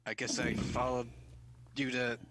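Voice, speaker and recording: A man playing a tabletop game, speaking in halting, casual in-character banter. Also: medium pitch, flat delivery, heavy background noise. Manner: halting, restarts often. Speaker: player.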